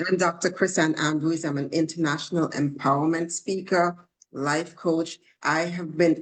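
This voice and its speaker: A woman from Antigua with an Antiguan accent, a life coach answering interview questions in a confident, measured way. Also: low voice, rough recording. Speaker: guest, life coach and speaker.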